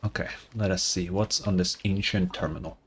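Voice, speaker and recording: A man's voice: deep voice, fairly even intonation, brisk, over loud music. A man streaming a game, reacting bluntly with swearing and laughter. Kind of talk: casual game commentary.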